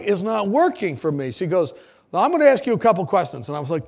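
A man telling a personal story in an animated way, acting out what people said and laughing at his own tale. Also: high voice, brisk. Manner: lively, acts out quoted voices, laughs at own story. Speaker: former nurse telling a story.

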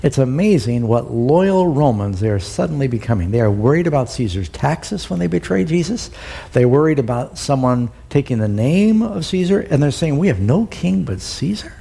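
Middle-aged male preacher, mellow husky voice, dramatizes the scripture he reads. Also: very animated, normal speed. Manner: acts out the quoted lines with rising pitch and emphasis. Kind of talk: sermon, reading scripture with commentary.

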